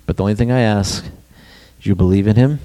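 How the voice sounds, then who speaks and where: Man preaching with a mellow voice. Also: on the low side, quick pace. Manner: preaching with rhetorical questions and acted-out quotes. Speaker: pastor. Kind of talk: sermon.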